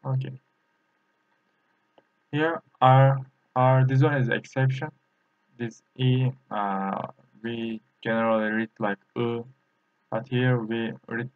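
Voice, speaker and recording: A man with a Turkish accent, a native Turkish speaker, teaching a lesson in a halting way, pausing often and repeating practice syllables. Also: mid-range voice, fairly even intonation. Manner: halting, with frequent filler pauses and repeated drill syllables. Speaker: language teacher. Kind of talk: explaining a lesson. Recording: tinny, phone-like lo-fi sound.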